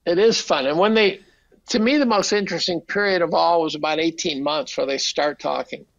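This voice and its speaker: Older man, gravelly voice, dry close sound, animated profane storytelling. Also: fairly high pitch, a little fast, no echo, muffled recording. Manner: animated, profane, acts out quotes. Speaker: podcast guest. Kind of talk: casual storytelling.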